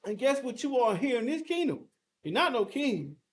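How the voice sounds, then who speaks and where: A man with a notably high-pitched voice leads a heated scripture breakdown as a teacher. He speaks emphatically and confrontationally, pressing his listeners with rhetorical questions and the occasional curse. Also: sing-song, normal speed.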